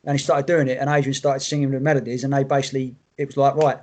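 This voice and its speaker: A man, co-hosting a casual music podcast in a relaxed, rambling way with casual swearing. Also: mid-range voice, racing. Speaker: podcast co-host. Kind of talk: casual chat about music.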